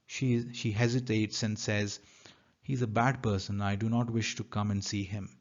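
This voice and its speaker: A man's voice: lowish voice, level tone, lo-fi sound. A man teaching literature, reading lines from a play and explaining them carefully. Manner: slow, careful, reads lines then paraphrases.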